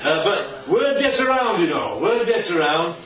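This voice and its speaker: The speaker is a man with a high voice, big pitch swings and a bit bright tone, talking a little slowly. He preaches informally to a congregation in a church hall with slides, repeatedly asking "right?" and "isn't that lovely?". Slight background noise colors a roomy, distant, dull recording.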